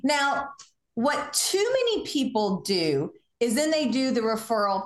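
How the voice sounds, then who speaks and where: A woman with a Southern US accent hosting a podcast, coaching in a casual, animated way and acting out sample conversations. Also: on the high side, measured pace, reverberant. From Southern United States. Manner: animated, acts out sample dialogue in lively voices. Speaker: podcast host.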